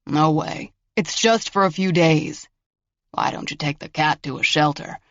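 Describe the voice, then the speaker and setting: A man voicing a stubborn, frail eighty-seven-year-old grandfather with a trembling voice, in a slow drawl, for an audiobook. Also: fairly high pitch, fairly bright tone, no echo, highs cut off. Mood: cranky.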